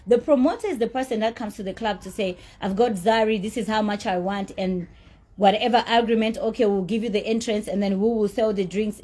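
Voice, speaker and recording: A woman's voice: medium pitch, dark tone, slightly rough. A woman telling her side of a payment dispute in a blunt, indignant monologue, often repeating herself for emphasis. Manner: blunt, indignant storytelling with profanity; emphatic repetition. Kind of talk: candid monologue.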